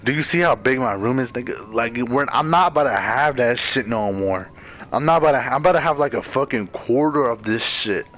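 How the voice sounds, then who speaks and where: A man's voice: medium pitch, fairly quick, a bit bright, rough recording. A young man from Maryland, a gamer on voice chat, rambling and venting in a casual, profane way full of "like" fillers, talking from his bedroom over a headset. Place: bedroom at home.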